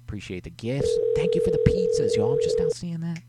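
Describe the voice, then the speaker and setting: A man's voice: fairly high pitch, big pitch swings, a little fast, very noisy. A man hosting a casual live stream, reading viewer messages aloud in a laid-back way. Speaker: host.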